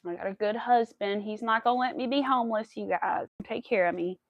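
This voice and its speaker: A woman's voice: on the high side, a little fast, dry recording, dull audio. A woman in her thirties hosting a crochet live stream, emotional and near tears, rambling with many fillers. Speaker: crochet livestream host. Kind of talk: casual live stream chat.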